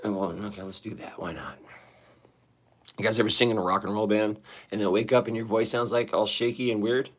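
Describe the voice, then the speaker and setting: A man talking into his phone on a loose live stream, his voice hoarse and shaky as though he sang too hard last night. He rambles, restarts his sentences, and swears casually while chatting with his viewers from the bathroom. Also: lowish voice, fairly even intonation, a little fast. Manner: rambling, profane, talking to chat. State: hoarse, shaky voice after singing. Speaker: livestreamer. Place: sitting in a bathroom.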